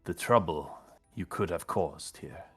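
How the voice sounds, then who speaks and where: A man's voice: low-pitched, a little slow, fairly bright tone, husky, faint music behind, exaggerated voice. A man playing a haughty, stern amulet owner. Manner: stiff, stern, attempts a posh accent. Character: haughty male NPC guarding his amulet.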